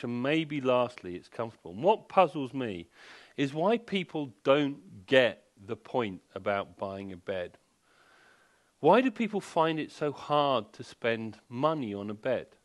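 Man, mid-range voice, wry seminar speaker who jokes with the room. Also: mid-range voice. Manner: wry, joking, rhetorical questions. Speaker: sleep expert giving a seminar. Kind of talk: public lecture to a live audience. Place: furniture showroom, indoors.

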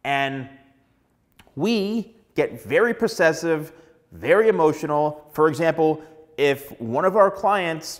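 A man who works as a hairstylist, giving casual, chatty advice to the camera and acting out little dialogues along the way. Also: on the high side.

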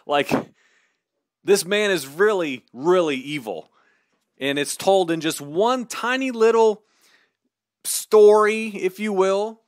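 A man hosting a podcast, giving casual sermon-style Bible teaching in a conversational, animated way with chuckles and asides. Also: sits high, dry recording, studio quality.

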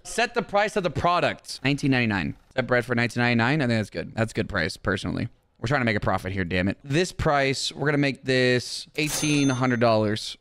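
A young man playing a video game and chatting to viewers, goofy and excitable, swearing and joking as he goes. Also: medium pitch, fast talker. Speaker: gaming YouTuber. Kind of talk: let's-play commentary.

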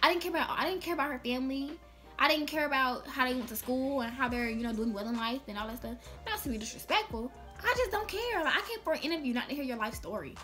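A woman's voice: high voice, fast, fairly bright tone, faint music behind. Sassy young woman vlogger. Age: young adult. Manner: sassy, playful, slangy. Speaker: vlogger giving job tips. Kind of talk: casual chat to camera.

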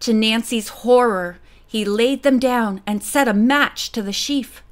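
A woman narrating a mystery audiobook with a lively, expressive reading. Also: on the high side, unhurried.

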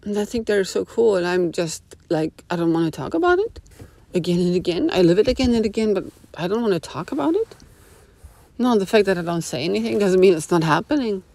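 A woman's voice: mid-range voice, animated, brisk, dark tone. A woman talking casually to her phone camera in a rambling, opinionated monologue full of asides. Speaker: vlogger. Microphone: small phone camera.

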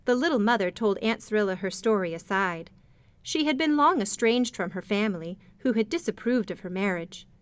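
A woman narrating a storybook in a gentle, measured way. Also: mid-range voice, animated, smooth, no room sound. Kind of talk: storybook reading.

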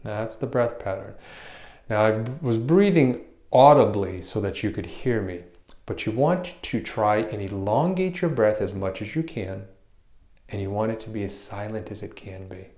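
A man teaching a guided meditation, explaining hand positions and breathing slowly, step by step. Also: on the low side, roomy sound. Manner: calm, step-by-step explaining with restarts. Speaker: meditation instructor.

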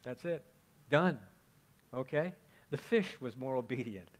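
A man's voice: medium pitch, animated, measured pace, slight background noise. A male pastor delivering a sermon in an easy, conversational way. He keeps checking in with his listeners and asks them questions as he goes. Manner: chatty, asks the congregation questions, frequent "okay?".

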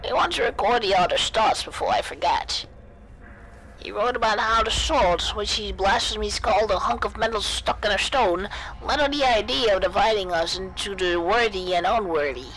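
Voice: medium pitch, moderate pace, fairly bright tone, pitched above the performer's own voice, close to an everyday voice, poor audio. A streamer voicing an old woman recording her reflections on a voyage, read in an earnest, reflective way.

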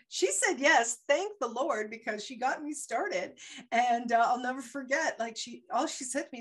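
A woman's voice: a little high, expressive, normal speed, fairly bright tone. A middle-aged woman hosting a motivational talk show, telling stories animatedly and laughing often. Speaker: host.

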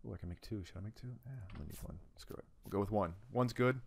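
A man's voice: lowish voice, fast, creaky, a little hiss or hum. Guy goofing around while he plays a video game, chatty, talks to himself. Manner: playful, jokey, talks to himself while playing, volume swinging from loud to muttered. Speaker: gaming channel host. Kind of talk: let's-play gameplay commentary.

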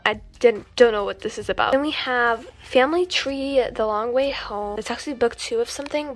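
A teenage girl with a high, youthful voice chats through a casual bookshelf tour. She talks loosely, with plenty of "like" fillers. Her voice is recorded on a phone. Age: teens. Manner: chatty, lots of "like" fillers. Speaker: book vlogger.

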